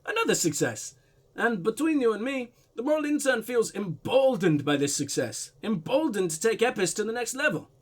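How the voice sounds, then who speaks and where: Pompous diplomat with a put-on Russian-German accent, suave and dodgy, voiced by a man; lively, high delivery. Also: moderate pace. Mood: smooth, evasive. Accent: mock Russian-German blend. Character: smooth evasive male foreign diplomat, middle-aged.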